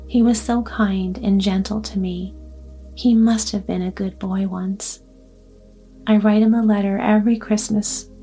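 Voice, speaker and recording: A woman's voice: medium pitch, dark tone, lightly acted. Woman reading a kindly old grandmother.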